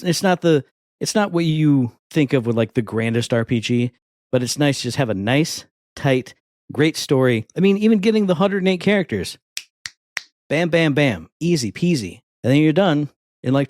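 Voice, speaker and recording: A man's voice: medium pitch, no room sound, studio quality. Rambling man telling stories on a podcast. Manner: rambling, animated storytelling with voiced asides. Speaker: podcast co-host. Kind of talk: casual chat.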